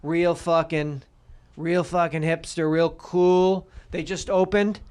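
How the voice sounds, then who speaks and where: A man's voice: a little high, little pitch movement, slow, a little mellow, clear, resonant tone. A man co-hosting a podcast in casual comedic banter, ranting with profane, mock-outraged energy. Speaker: podcast co-host.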